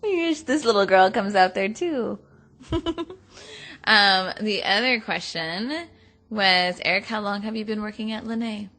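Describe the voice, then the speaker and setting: Bright-voiced woman, casual chat. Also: medium pitch, measured pace. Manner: warm, laughing, reads out viewer comments. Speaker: tasting room associate.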